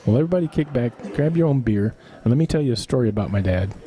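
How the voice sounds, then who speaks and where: A man's voice: medium pitch, lively intonation, very fast, dark tone. A middle-aged man hosting a live stream, chatting casually with viewers and telling rambling family stories with chuckles and teasing asides. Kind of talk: casual storytelling to chat.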